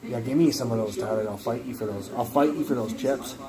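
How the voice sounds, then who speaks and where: Talking on a phone livestream, a young man rambles bluntly and profanely, often restarting his sentences. His medium-pitched voice moves a little fast over a noisy crowd, and the recording is rough.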